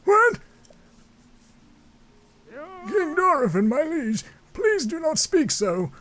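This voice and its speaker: A shrill, outraged old fish adviser. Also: male voice, big pitch swings, takes it slowly, fairly bright tone, full character voice. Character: fussy, indignant elderly male fish-folk adviser.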